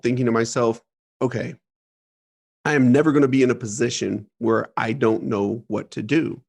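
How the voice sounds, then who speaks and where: A man telling a painful childhood story as a podcast guest, earnest and emphatic, laughing through hard memories. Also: medium pitch. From Ohio, USA. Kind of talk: candid storytelling interview.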